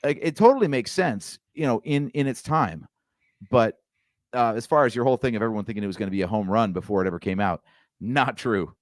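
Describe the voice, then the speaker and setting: A man's voice: medium pitch, fast, no room sound, studio quality. A man co-hosting a podcast, telling the story casually and full of fillers. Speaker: podcast co-host.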